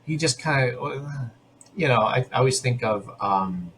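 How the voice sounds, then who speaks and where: Hosting a podcast, a man recaps an episode loosely and with plenty of opinions. His mid-range, fairly bright voice is animated, coming in quick bursts with frequent restarted sentences, over a faint hiss.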